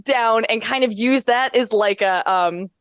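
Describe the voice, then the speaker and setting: Hesitant woman player, higher voice. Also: a little slow, clean tone, no echo, studio quality. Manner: hesitant, searching for words. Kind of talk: casual tabletop play.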